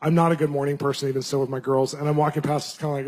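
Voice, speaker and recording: A man in his thirties telling a story in a sermon, animated and acting out the voices of people he quotes. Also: medium pitch, fast. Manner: animated, acts out voices in quotes, laughs often.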